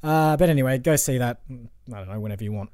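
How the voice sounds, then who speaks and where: A man hosting a casual film podcast, easygoing and quick to agree with his co-host. His tone is mellow and dark, recorded dry and close. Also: mid-range voice, no room sound. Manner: easygoing, agrees a lot, fillers. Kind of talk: casual film review chat.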